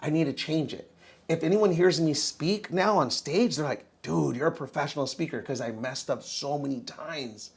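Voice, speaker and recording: A man in his thirties tells his own story on a podcast, with a voice a little higher than most men's. He talks casually and with energy, calling the host bro as he goes. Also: moderate pace, gravelly, hardly any pauses. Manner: animated, says bro a lot. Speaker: podcast guest.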